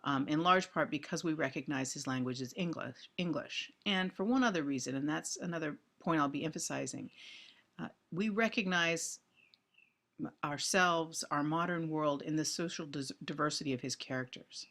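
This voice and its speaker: This lecturer's pitch sits fairly high, with vocal fry and a sharp edge to it. He delivers a recorded talk on literature slowly and reflectively, full of ums and false starts.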